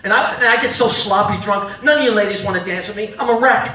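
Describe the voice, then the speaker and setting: Male stand-up comic, bright, heard a bit off-mic in a roomy venue. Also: sits high, fast, far from the mic. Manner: rowdy, acts out voices, audience laughs throughout. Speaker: stand-up comedian. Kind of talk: live stand-up comedy.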